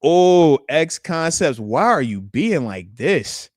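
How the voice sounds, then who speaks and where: A man's voice: a little high, slow, no room sound, studio quality. A man in his thirties hosting a live show, chatting casually in slang, teasing commenters and calling them man. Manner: animated, slangy, teasing, says man a lot. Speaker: live show host, retired football player. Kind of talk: casual live-stream chat reading comments.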